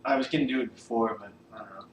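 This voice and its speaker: A man's voice: medium pitch, racing. A man giving a loose, unscripted monologue full of fillers and casual swearing, ranking his favorite comedians. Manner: rambling, loose, swears often, many fillers. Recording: echoey room, mic at a distance, faint background hiss.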